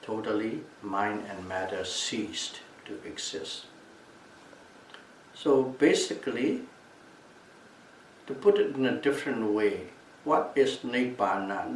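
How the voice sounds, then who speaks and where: Slow, calm man giving a Dhamma talk. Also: on the low side. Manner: calm, repeats and restates key terms. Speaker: meditation teacher. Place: retreat meditation hall. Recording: echoey room, mic at a distance, faint background noise.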